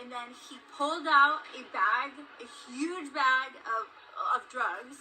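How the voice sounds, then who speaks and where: Woman rambling thru her story, lots of ums, higher voice, noisy stream audio. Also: bright, forceful tone. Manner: rambling, halting, many fillers. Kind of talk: recounting personal events.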